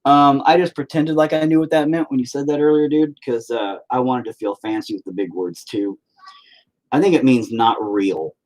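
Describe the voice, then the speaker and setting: A man's voice: mid-range voice, normal speed, darkish tone. An American man who hosts his own channel rants casually and profanely while painting, with sarcastic asides. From United States. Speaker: channel host.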